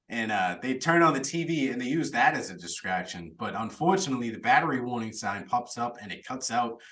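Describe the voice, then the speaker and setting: A man's voice: medium pitch, a bit bright, far from the mic, rough recording. A man hosting a podcast, chatty and laughing now and then as he recaps a plot. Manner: chatty, laughs while telling the story. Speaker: podcast host recapping a film.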